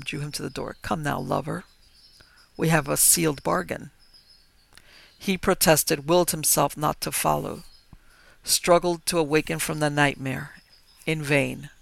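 A man reading a horror story aloud in a slow, dramatic way. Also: fairly high pitch, gravelly, fairly bright tone. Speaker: narrator.

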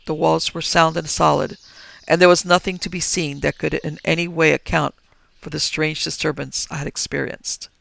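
A man reading a story aloud in a steady, measured way. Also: fairly high pitch, vocal fry, dry recording. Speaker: narrator.

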